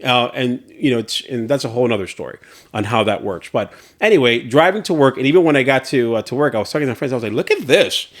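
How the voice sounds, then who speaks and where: Male podcast co-host, casual storyteller, acts out reactions, average pitch. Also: quick pace. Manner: animated storyteller, laughs often, acts out reactions. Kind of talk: casual chat.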